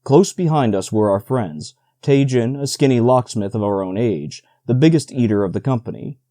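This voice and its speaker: A man narrating an audiobook in a steady, even storytelling manner, close to the mic. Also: medium pitch, moderate pace, no room sound. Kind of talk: scripted narration.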